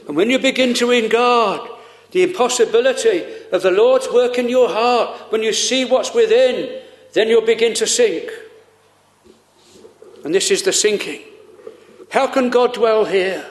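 Guy preaching a sermon, kinda high voice, solemn and earnest, lots of pauses.

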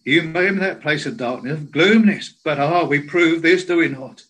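A man preaching a sermon in a slow, earnest way, quoting scripture in old biblical language. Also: fairly high pitch, fairly bright tone, rough recording.

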